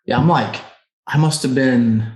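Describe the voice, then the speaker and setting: A man in his thirties speaks as a podcast guest, earnest and emotional as he recounts his own past. He keeps checking in with his listener with little "right?" and "okay?" tags. His voice sits at an ordinary middle pitch and rings a little in a roomy space. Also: measured pace, darkish tone. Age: 30s. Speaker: podcast guest, recovery center co-owner. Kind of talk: personal storytelling in a conversation. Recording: roomy echo on the voice.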